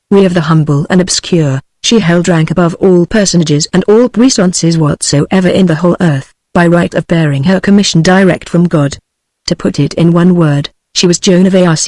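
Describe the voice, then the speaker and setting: A text-to-speech voice reads a classic novel aloud at a medium pitch. The delivery is even and unhurried, with no theatrical shading. The sound is dry and close, with no room around it. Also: dry recording. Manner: even, unhurried synthetic reading. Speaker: audiobook narrator. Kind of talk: text-to-speech audiobook narration.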